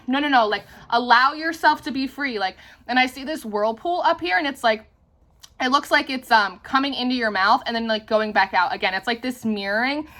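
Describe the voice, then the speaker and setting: A woman's voice: on the high side, sharp tone. A young woman giving a casual, chatty tarot reading, full of "like" fillers and "right?" tags. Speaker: tarot reader.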